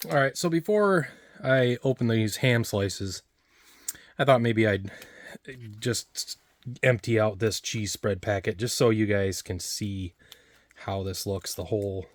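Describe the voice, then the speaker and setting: A man casually talking through a taste test of old food, rambling and restarting his sentences a lot. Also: lowish voice. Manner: rambling, halting, full of restarts and fillers. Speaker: food reviewer.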